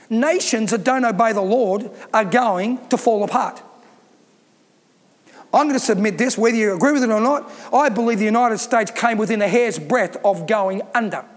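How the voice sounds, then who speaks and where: Man, pastor, very high voice, emphatic repetitive sermon, long echo in a church hall.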